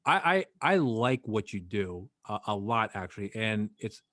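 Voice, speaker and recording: A man hosting a podcast in casual chat, talking haltingly with many fillers and restarts. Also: on the low side, big pitch swings, fairly bright tone, no room sound, clean studio sound. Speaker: podcast host.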